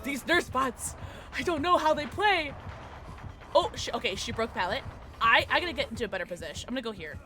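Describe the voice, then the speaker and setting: A young adult woman streamer giving excitable live gameplay commentary, shrieking and laughing through chases. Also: high voice, brisk, faint music behind.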